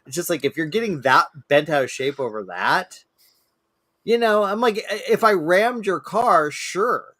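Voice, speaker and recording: A man on a podcast telling stories in a casual chat, swearing freely, his voice climbing when he acts out shouting people. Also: a little slow, no room sound, studio quality. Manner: swearing, animated storyteller, rises high when quoting angry people. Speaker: podcast co-host.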